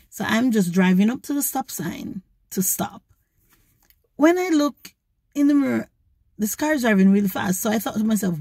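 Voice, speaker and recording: A woman, a vlogger, retelling a story in an animated, indignant way. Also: mid-range voice, husky, no room sound. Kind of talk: storytelling to camera.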